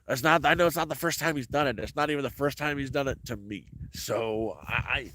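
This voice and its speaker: A man rambling through a casual vlog at a middle pitch, stumbling over his words and repeating himself as he goes. A faint hiss and a few clicks sit under his voice. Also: brisk, pushed and bright. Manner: rambling with frequent restarts and stammered repeats. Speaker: vlogger. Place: rural off-grid homestead, cold.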